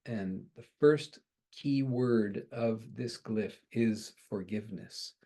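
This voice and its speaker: Slow, gravelly-voiced man telling a story. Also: on the low side. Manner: slow, hesitant, with restarts and soft trailing phrases. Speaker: astrology teacher and practitioner. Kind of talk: personal story told in an interview.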